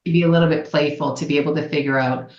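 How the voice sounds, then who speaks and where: A woman with a somewhat low voice speaks earnestly as a podcast co-host and psychologist. Her talk echoes around the room. The audio sounds a little dull and muffled. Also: fairly even intonation, racing. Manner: earnest, acts out gentle quoted dialogue to children. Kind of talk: casual podcast conversation.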